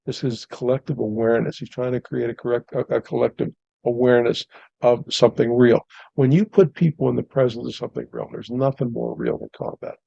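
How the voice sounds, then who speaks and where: A man's voice: mid-range voice, steady tone, a little fast, gravelly, dark tone, slightly rough, no room sound, lo-fi sound. A man hosting a podcast, talking in a philosophical, emphatic way about truth and experience. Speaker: podcast host. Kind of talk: casual conversation.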